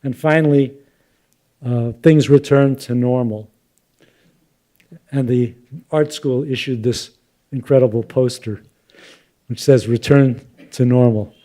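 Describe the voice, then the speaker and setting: Older man lecturing, mellow voice. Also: medium pitch, steady tone. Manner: thoughtful, unhurried, with fillers and asides. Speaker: professor giving a lecture. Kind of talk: public lecture with slides.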